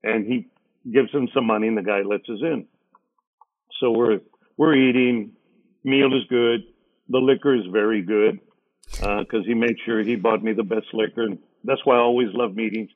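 Middle-aged radio DJ, phone-like sound. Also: male voice, lowish voice, moderate pace. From San Antonio, Texas. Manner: lively storyteller, acts out others' lines. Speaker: radio DJ, interview guest. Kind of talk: casual storytelling.

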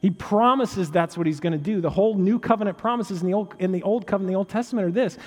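Preaching at a quick pace with few pauses, a male pastor keeps his sermon conversational, adding jokes and "right?" asides. He swings from intense, raised emphasis to low, quiet stresses, with a long reverb tail in the room.

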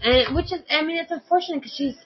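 A woman's voice: high voice, very fast, highs cut off. A woman in casual conversation, animatedly telling a family story and acting out the dialogue. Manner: animated, acts out quoted dialogue.

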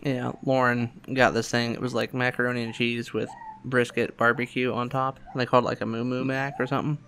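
Speaking fairly quickly over slight background noise, this male podcast host shares a family story in an easygoing chat. He laughs often and performs the quotes with lively, higher-pitched voices.

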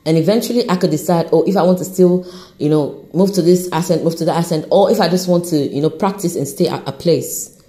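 A woman hosting her own podcast, giving an unscripted motivational talk straight to the listener, encouraging and animated, with an accent that shifts as she talks. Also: lowish voice, fairly quick. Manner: accent shifts while talking. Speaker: podcast host.

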